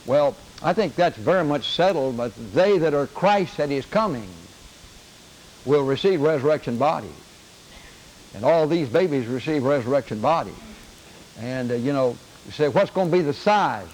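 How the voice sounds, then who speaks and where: An older man leads a Bible class in an earnest lecture style. He repeats his key phrases for emphasis. His voice sits somewhat high for a man. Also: low-quality recording. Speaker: Bible teacher.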